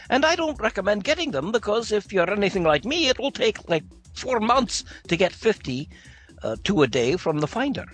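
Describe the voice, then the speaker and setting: Man co-host, husky voice, high lively pitch, playful, reading emails. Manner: playful, reads listener emails aloud. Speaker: podcast co-host. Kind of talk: casual podcast chat.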